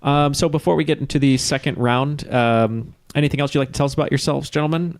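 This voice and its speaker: A man's voice: mid-range voice, fairly even intonation, fast, few pauses, no echo. A man hosting a casual trivia podcast who jokes around and fills his talk with hesitations. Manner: joking, full of "uh" fillers. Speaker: podcast host.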